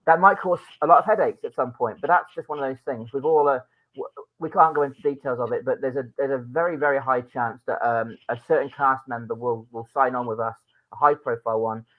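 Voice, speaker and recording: A man's voice: mid-range voice, brisk. A man co-hosting a casual podcast, talking earnestly about casting and restarting his sentences often. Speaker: podcast co-host and drama producer. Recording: phone-like narrow sound.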